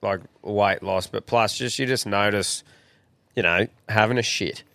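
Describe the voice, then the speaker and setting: A chatty Australian man with a lowish voice co-hosts a podcast, blunt and freely swearing. The sound is dry and close, with no room around it. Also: measured pace, creaky, pushed and bright, no room sound. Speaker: podcast co-host. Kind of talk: casual crude banter.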